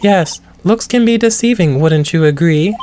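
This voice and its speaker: A man voicing a cool, composed young woman witness in a game, speaking in a raised, measured voice. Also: high voice, darkish tone, a little hiss or hum, pitched above the performer's own voice, lightly acted. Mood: poised.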